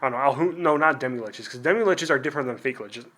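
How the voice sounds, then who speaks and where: A man's voice: mid-range voice, racing, a bit bright. A young man talking casually to the camera, rambling and self-deprecating, with lots of "like" and trailing asides. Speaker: video host. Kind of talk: casual unboxing vlog.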